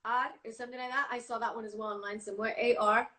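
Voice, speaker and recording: A woman's voice: a little high, fairly even intonation, very fast, sharp tone. An American woman hosting a livestream video chat, enthusiastic and laughing often. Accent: American English. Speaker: host. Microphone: phone on a live video call.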